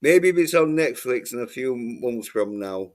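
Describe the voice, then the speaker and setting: A man's voice: mid-range voice, animated, normal speed, crowd noise. A man in casual late-night chat as stream co-host, laid-back and hesitant.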